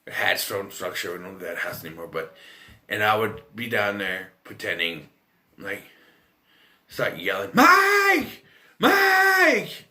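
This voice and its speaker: Thirtysomething guy reviewing a movie, super bright tense voice, swears a lot, keeps restarting himself. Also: sits low, fairly even intonation, normal speed, pauses often. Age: 30s. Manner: rambling, swears freely, frequent restarts and fillers. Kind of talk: casual spoken film review.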